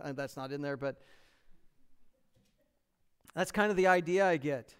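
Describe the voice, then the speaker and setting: An American man preaching from the pulpit, working through a passage verse by verse with earnest energy. His voice sits high and rings smooth and clear. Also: a little slow, pauses often. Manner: earnest expository preaching, acting out quotes. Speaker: pastor. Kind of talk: sermon.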